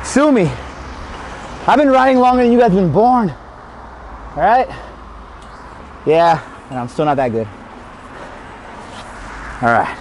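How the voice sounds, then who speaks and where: A man's voice: high-pitched, very animated, slow, pauses often, darkish tone, slight background noise. A man hosting a casual BMX how-to, talking on a lapel mic outdoors, out of breath, chatty and self-mocking. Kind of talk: casual spoken tutorial. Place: outdoors by a street rail.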